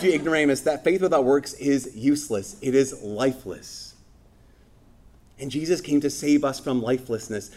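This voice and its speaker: A man preaching a sermon in a lively, playful way, acting out voices from scripture. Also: mid-range voice. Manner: animated, playful, acts out biblical voices.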